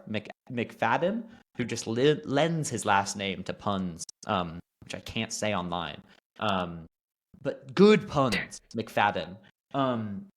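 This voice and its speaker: A man hosting a casual political talk show, ranting sarcastically with frequent swearing. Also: medium pitch. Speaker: podcast host.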